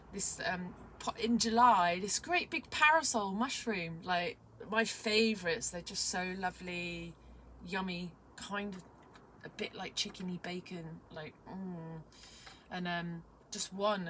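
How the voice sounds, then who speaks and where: A young adult woman vlogging casually, rambling excitedly with many fillers and sometimes dropping to a whisper. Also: lowish voice, normal speed, a little hiss or hum. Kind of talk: casual vlog chat.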